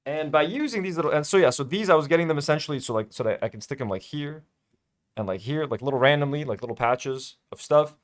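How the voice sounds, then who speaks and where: A man's voice: on the high side, expressive, fast talker. A young man hosting a casual hobby vlog, chatty and self-delighted, full of fillers. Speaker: toy-building channel host.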